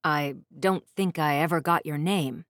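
A woman's voice: low-pitched, a little slow, a bit bright, no echo, clean studio sound, voice pushed down. A woman voicing a haughty young prince who speaks curtly and sarcastically in an audiobook. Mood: curt, mocking. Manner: sarcastic, snappish. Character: haughty young adult prince, curt and commanding.

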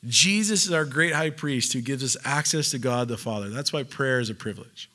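Energetic man preaching a sermon. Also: mid-range voice, brisk. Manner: conversational, with casual fillers and asides; builds to emphatic, fervent preaching. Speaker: pastor.

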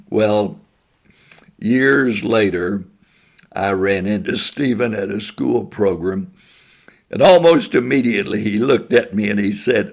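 An older man tells homespun stories from his years as a school principal, in a slow, unhurried drawl. His low voice has a gravelly, husky grain, and he tosses in chuckling asides. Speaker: retired school principal and storyteller. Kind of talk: folksy spoken storytelling.

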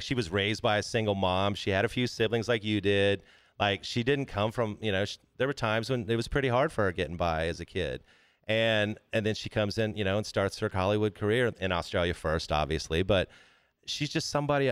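A man's voice: fairly low pitch, smooth, dry recording, studio quality. A man co-hosting a casual film podcast, talking enthusiastically and swearing freely. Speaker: podcast co-host.

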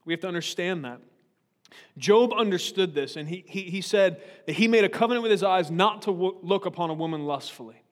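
High-voiced preacher man in a reverberant hall. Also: brisk. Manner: joking, frequently checks in with listeners. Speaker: pastor. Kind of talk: humorous conversational sermon.

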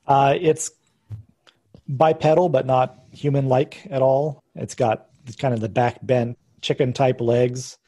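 A man narrating a tabletop game as game master, calmly describing scenes and patiently explaining rules. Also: mid-range voice, takes it slowly.

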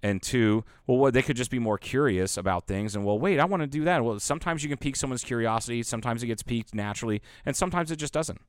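A man's voice: medium pitch, quick pace, hardly any pauses, smooth, no room sound, studio quality. A man co-hosting a podcast, telling a long rambling story in casual chat, swearing freely and acting out the lines. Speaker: podcast co-host.

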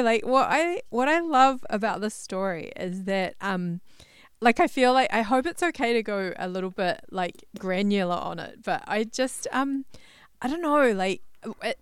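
A woman host with a very smooth, crisp voice asks curious questions in a casual interview chat. She gropes for her words as she goes, and the recording is close and dry. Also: mid-range voice, no echo. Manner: hesitant, curious, many fillers and restarts. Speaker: podcast host.

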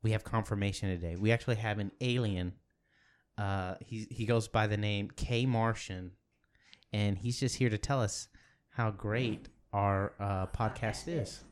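A man hosting a casual comedy podcast with a fairly low voice. He hypes the show like a goofy showman, joking with his co-host and guest. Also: steady tone, measured pace.

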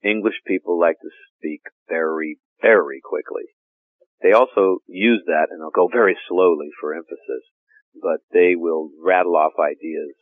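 Laid-back actor guest, man, very low voice, tinny dry recording. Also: moderate pace, dry recording. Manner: relaxed, laughs often, says "man". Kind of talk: casual interview chat. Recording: tinny phone-like line.

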